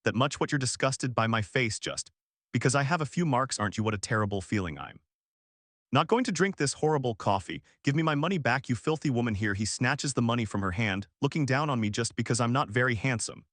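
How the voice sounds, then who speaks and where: A man's voice: medium pitch, expressive, fairly quick, a bit bright, no echo, studio quality. A man voicing a vain, cruel young man who bullies and threatens in a sneering way. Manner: sneering, bullying.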